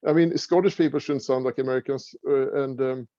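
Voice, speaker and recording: A middle-aged man from Sweden with a Swedish accent, talking casually as an interview guest, halting with many fillers and restarts. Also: mid-range voice, fairly even intonation, dark tone, no room sound, dull audio. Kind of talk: casual conversation.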